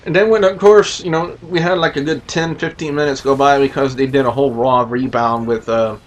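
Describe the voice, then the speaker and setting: A man's voice: mid-range voice, steady tone, a little fast, a little hiss or hum. Man giving a rambling wrestling review. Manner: rambling, with frequent "uh" and "you know". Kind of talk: casual spoken review with scores.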